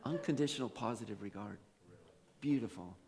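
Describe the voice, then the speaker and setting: A man's voice: lowish voice, brisk, a little mellow, big-room sound, slight background noise. A male pastor preaching a sermon, telling a story with laughs and quoted voices. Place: church sanctuary.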